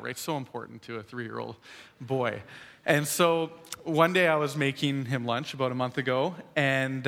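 Bright, animated man telling a story. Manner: animated, acts out quotes in a higher voice, laughs while telling. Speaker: speaker telling a story to an audience. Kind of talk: storytelling talk to a live audience.

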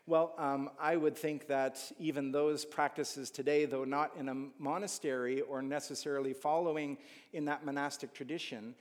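A man preaching a sermon in a lively, animated manner, jumping from loud emphatic rises to hushed asides. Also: fairly high pitch, normal speed. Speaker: pastor. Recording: long hall reverb.

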